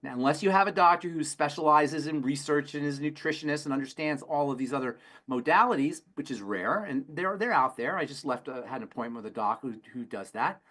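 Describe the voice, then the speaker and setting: Emphatic fast-talking man. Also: on the high side, lively intonation, fairly bright tone. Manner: emphatic, rapid-fire, repeats key phrases. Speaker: pharmacist guest answering health questions. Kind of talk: call-in health talk.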